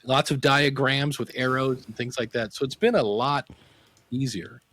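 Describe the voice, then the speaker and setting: A middle-aged man chats as an interview guest, with a middle-range voice. He tells stories with gusto and jumps high in pitch to act out quotes. The sound is dry and close, with no room around it. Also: moderate pace, dry recording. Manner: animated anecdotes, acts out quotes with pitch jumps. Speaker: podcast guest, podcasting teacher. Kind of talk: casual storytelling interview.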